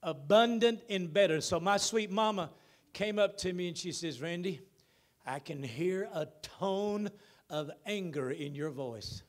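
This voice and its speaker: A male pastor preaching a sermon in a church, with emphatic bursts and drawn-out words. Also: sits high. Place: church sanctuary.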